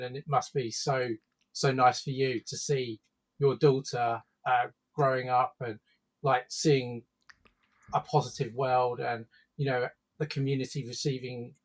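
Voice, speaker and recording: A man's voice: medium pitch, little pitch movement, moderate pace, husky, poor audio. Man, stream co-host, casual rambling chat full of fillers and restarts.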